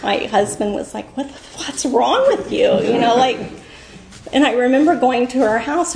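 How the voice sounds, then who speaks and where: Woman with a gravelly voice in an echoey room. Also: sits high, a little mellow, a little hiss or hum. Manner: rambling, many fillers, laughs through emotion. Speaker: recovery meeting speaker. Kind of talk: personal share at a meeting.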